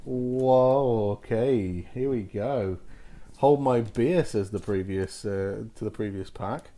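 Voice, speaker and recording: A man hosting a card-opening video, giving casual commentary and exclaiming excitedly at each pull. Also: fairly low pitch, slow pace. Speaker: host opening card packs.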